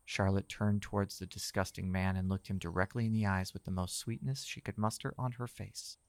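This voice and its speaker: A man reading scripted horror narration in a measured, tense storytelling manner. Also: low voice, fairly even intonation, no echo.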